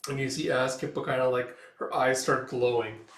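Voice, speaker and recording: A man talks his way through a comic book in a loose, chatty manner, with lots of filler words. His voice sits at a middle pitch and carries the echo of a roomy space. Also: flat delivery, moderate pace, fairly bright tone. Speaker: comic reader and reviewer. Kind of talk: casual comic read-through.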